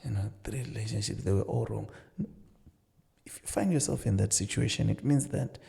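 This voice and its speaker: A middle-aged man, a marriage counsellor and pastor, earnestly telling stories and acting out dialogue in a relaxed conversation. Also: lowish voice, moderate pace, vocal fry. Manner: earnest storytelling with many "you know" asides, acting out dialogue. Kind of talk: casual advice-giving conversation.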